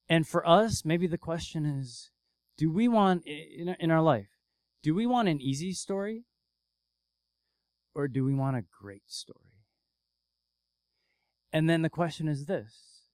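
A man preaching a sermon as pastor, telling a story with lively swings from hushed to loud. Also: mid-range voice, dry recording.

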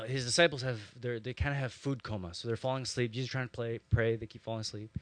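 A man preaching a sermon, telling stories in a lively, conversational way with frequent asides to his listeners. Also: medium pitch, dry recording. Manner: animated storytelling with conversational asides. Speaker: pastor.

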